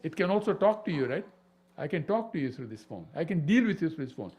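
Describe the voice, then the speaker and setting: A man teaching a devotional scripture class, animated and full of rhetorical questions. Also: a little high, quick pace, muffled recording. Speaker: spiritual teacher.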